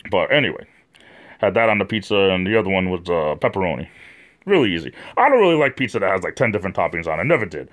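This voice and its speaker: A man's voice: low voice, very animated, fast talker, fairly bright tone. A man from New England hosting a casual livestream, rambling and chatty, with many fillers and repeated words, talking to viewers in the chat by name. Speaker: livestream host.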